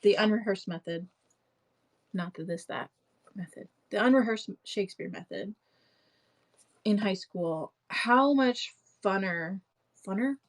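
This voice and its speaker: A woman's voice: medium pitch, unhurried, long pauses, low-quality recording. A young woman hosting a live stream in casual chat, rambling and full of fillers and restarts.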